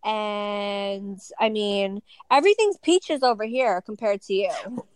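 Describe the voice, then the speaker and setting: A woman in her thirties co-hosting a casual podcast chat from bed, blunt and teasing with quick laughs. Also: mid-range voice, clean tone, dry recording, low-quality recording. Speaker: podcast co-host. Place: lying in bed at home.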